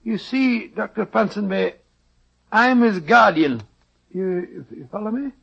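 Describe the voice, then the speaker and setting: A man's voice: high-pitched, slow pace, creaky, a bit bright, slightly rough, heavily acted. An actor playing a middle-aged doctor posing as a scheming man with a put-on Scottish accent, talking hesitantly with stammers, in 1940s radio acting. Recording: muffled old radio recording.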